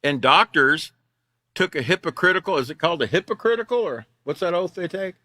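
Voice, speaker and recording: A man's voice: a little high, expressive, fairly quick, pushed and bright, dry recording. An older man teaching a class, reading news articles aloud and mocking them with sarcasm, repeating himself as he goes.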